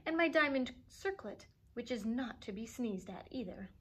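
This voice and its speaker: A woman's voice: on the high side, expressive, normal speed, slightly rough. A woman reading aloud and voicing a vain, boastful young stepsister in a haughty, showy manner.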